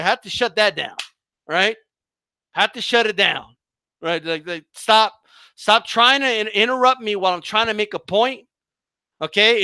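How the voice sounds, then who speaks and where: A man's voice: sits high, pushed and bright, no room sound. A man hosting a boxing livestream, ranting heatedly with profanity and stammering restarts.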